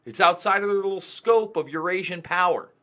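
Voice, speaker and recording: A man's voice: high-pitched, brisk, fairly bright tone. A man hosting a live commentary show, talking in an agitated, ranting way and hammering his points home by repeating them. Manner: agitated, ranting, emphatic repetition. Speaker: news show host.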